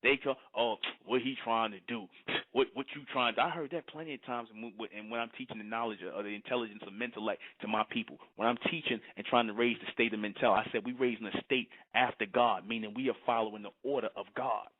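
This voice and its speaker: A man's voice: medium pitch, steady tone, quick pace, hardly any pauses. A man giving a preaching monologue, repetitive and full of rhetorical questions. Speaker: commentator. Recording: tinny phone-like sound.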